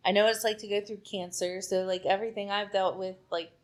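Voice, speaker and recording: A woman's voice: mid-range voice, level tone, fast. A woman hairstylist chatting as a podcast guest, telling a story and acting out what people said, with lots of "like". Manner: chatty, acts out quoted dialogue, frequent "like".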